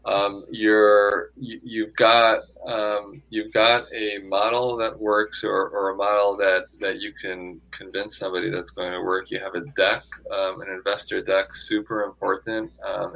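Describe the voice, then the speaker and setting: A man speaking as an investor guest in a casual interview, halting with frequent restarts. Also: low voice, gravelly, a bit bright, dull audio. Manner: halting, many restarts and fillers.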